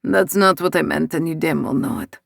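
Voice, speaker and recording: A woman voicing a commanding Italian mafia boss, an adult man who speaks low and soft with an Italian accent. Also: fairly quick, gravelly, dry recording, clean studio sound, heavily acted. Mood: firm.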